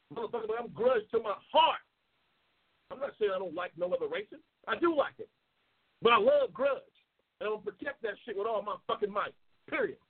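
A talk show host from New York City talks loud and passionate, swears heavily, and reads out viewer comments on a live show. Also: male voice, high voice, husky. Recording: tinny phone-like audio.

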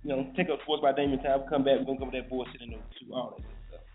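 Male radio co-host, loose joking slang banter, lo-fi line, soft music under. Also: mid-range voice, steady tone, very fast. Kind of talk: casual morning show banter. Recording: tinny phone-like lo-fi audio.

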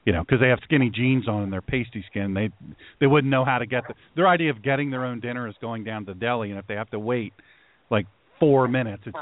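A man hosting a political talk show, ranting in heated, animated bursts and mocking others. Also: mid-range voice, quick pace, no room sound. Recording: tinny phone-like line.

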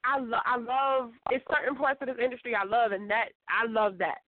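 A woman guest author telling a story in a casual, animated way, laughing and acting out what others said. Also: a little high, a little fast, no echo. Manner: animated, laughing, acts out quoted voices. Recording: tinny phone line.

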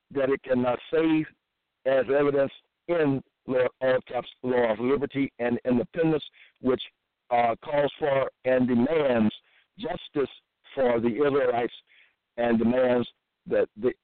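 A man preaching a sermon, reading out Bible verses slowly with short repeated asides between them. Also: medium pitch, fairly even intonation, dry recording. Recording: tinny, phone-like dry audio.

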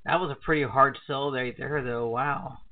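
A man's voice: medium pitch, steady tone, moderate pace, no room sound. A man interviewing a guest, reacting with amused, stumbling comments in casual chat. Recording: distant, phone-like sound.

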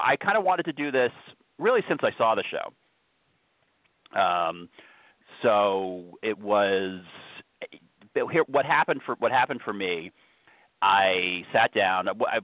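A man hosts a casual talk show, rambling loosely and often breaking off mid-sentence in podcast-style chat. His lowish voice swings widely in pitch and moves a little slowly, with no room sound but a tinny phone-line quality.

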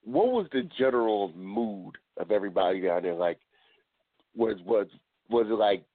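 A man's voice: lowish voice, expressive, normal speed, dry recording. A man hosting a casual talk show who often repeats words and restarts his phrases. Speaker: podcast host. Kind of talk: casual chat. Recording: tinny phone-line sound, dry.

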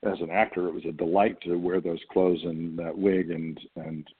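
A middle-aged man from the United States speaks in a very low, husky voice, musing his way through answers with frequent ums and restarts. The sound is thin and phone-like, as if over a narrow line. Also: flat delivery. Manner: thoughtful, halting, many fillers and restarts. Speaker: actor guest. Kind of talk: casual interview talk.

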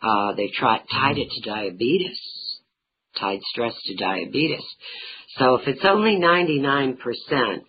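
Middle-aged lady guest telling funny family stories, slow talker, lo-fi hissy audio. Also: a bass voice, lively intonation. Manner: humorous, anecdotal storyteller. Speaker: author and talk show guest. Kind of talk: interview storytelling.

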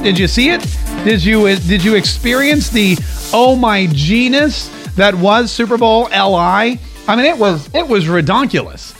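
A man hosting his own talk show in a casual, jokey monologue, animated and doing voices when he quotes people. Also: sits high. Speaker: radio talk show host.

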